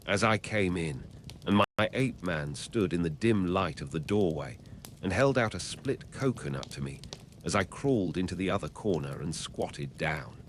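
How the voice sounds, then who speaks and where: A man reading a classic novel aloud as an audiobook narrator, in a measured, even storytelling manner. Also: low voice, a little hiss or hum.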